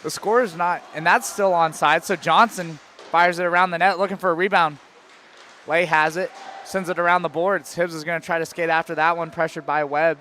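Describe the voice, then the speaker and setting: High bright play-by-play guy, rapid calls, yells on the goals, bit of rink noise. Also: fairly even intonation. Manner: rapid calls that jump to shouts on shots and goals. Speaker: play-by-play commentator. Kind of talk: hockey play-by-play commentary.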